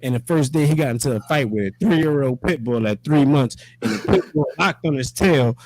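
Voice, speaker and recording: A man's voice: medium pitch, brisk, a little mellow. A man hosting a casual chat, telling stories animatedly with lots of profane slang and frequent laughter. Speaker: podcast host.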